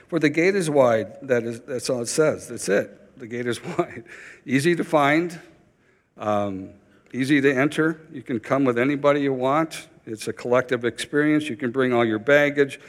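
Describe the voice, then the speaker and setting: Pastor guy preaching, urgent and repetitive, mid pitch, big hall echo. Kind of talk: sermon.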